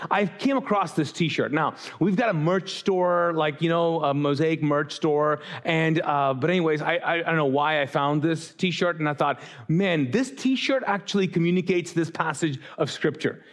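A man preaching a sermon as pastor to a live congregation, casual and joking, drawing the audience in to answer him. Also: on the high side. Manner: casual, joking, talks back and forth with the congregation. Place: church auditorium before a congregation.

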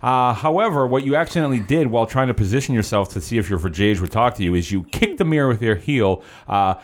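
A man's voice: mid-range voice, expressive, quick pace. A man hosting a casual comedy podcast, joking and laughing often while telling silly made-up stories. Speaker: podcast host.

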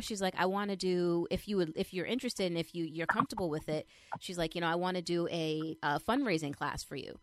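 A young adult woman chatting casually as she shares a personal update, retelling things in an animated way with lots of fillers. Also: on the low side, no room sound. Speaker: vlogger sharing a personal update. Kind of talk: casual chat.

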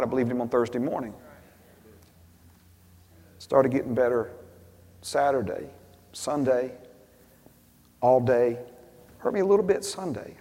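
Man, preacher, storytelling sermon, quiet asides then loud emphatic bursts, long hall echo. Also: mid-range voice, measured pace, long pauses.

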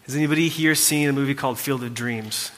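A man's voice: medium pitch, fast talker, fairly bright tone. A man preaching to a congregation in a church hall, telling a story in a casual, conversational way with fillers and asides to the listeners. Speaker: pastor. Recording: reverberant hall.

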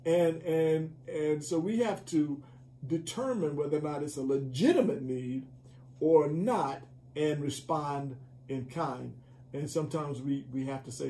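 A man's voice: a little high, a little slow, creaky, dark tone, slight background noise. A man teaching a church Bible study in a conversational preaching manner, often repeating and restarting phrases.

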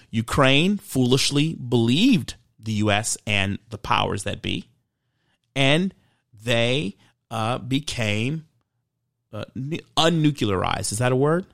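Earnest, gravelly man doing a political monologue. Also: mid-range voice, no room sound, studio quality. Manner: earnest, emphatic, repeats words when he restarts a thought. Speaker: commentary show host.

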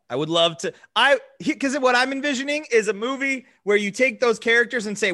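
A man co-hosting a comedy podcast, riffing in excitable, profane banter. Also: extremely high pitch, fairly quick, few pauses. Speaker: podcast co-host.

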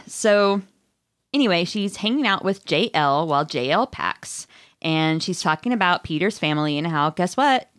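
Chatty, animated woman with a lowish voice. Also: smooth. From Missouri. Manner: chatty and animated, says "like" often, acts out quoted lines. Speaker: podcast host. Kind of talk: casual chat recapping a book.

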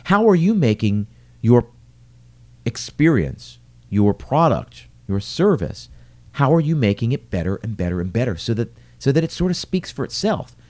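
A middle-aged man with a warm, mellow tone gives an earnest solo podcast talk, circling his point with rhetorical questions. His pitch rises and dips freely as he leans on key words. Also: big pitch swings, normal speed. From lives in New York City. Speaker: restaurateur and podcast host.

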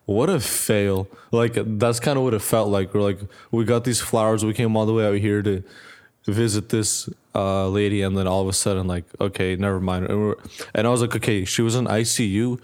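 A young man telling a story in casual chat, animated, acting out the people he quotes and laughing often. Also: fairly low pitch, a little fast. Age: young adult. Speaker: podcast co-host.

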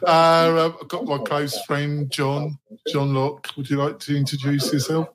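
A man's voice: a little high, little pitch movement, a crowd in the background. Guy hosting a tech podcast roundtable, joking around, lots of ums. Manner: jokey, laughing, halting fillers. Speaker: podcast host. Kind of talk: casual roundtable chat.

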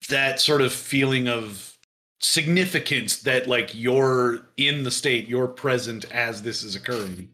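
A man's voice: medium pitch, unhurried, pushed and bright. A man co-hosting a podcast in casual chat, joking and laughing often. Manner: jokey, puts on gruff voices, laughs often.

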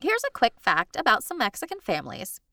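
A woman's voice: a little high, brisk, no room sound, studio quality. A woman co-hosting a casual podcast, reading a listener's story aloud with frequent laughs and asides. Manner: animated, laughs often, reads aloud with asides. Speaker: podcast co-host.

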